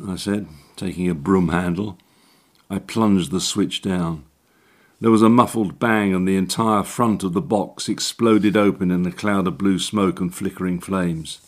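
A man's voice: low-pitched, fairly even intonation, measured pace. A man reading a comic story aloud in a dry, wry narrating manner.

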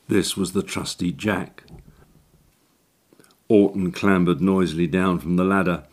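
A man's voice: low voice, fairly even intonation, a little slow, pauses often, darkish tone. A man reading a comic story aloud in a dry, wry narrating manner.

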